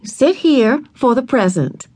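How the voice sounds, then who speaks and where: Brief: woman voicing young kindly teacher in a storybook, careful distinct diction, slightly raised pitch. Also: sing-song, measured pace, breathy edge, full character voice. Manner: speaks each syllable distinctly. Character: young gentle female kindergarten teacher. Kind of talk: audiobook character voice.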